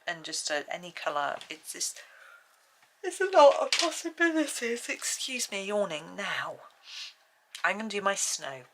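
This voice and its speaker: Woman, colouring host, bright gravelly low voice, casual thinking-aloud tutorial. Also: a little hiss or hum. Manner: chatty, thinking aloud while working. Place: at home.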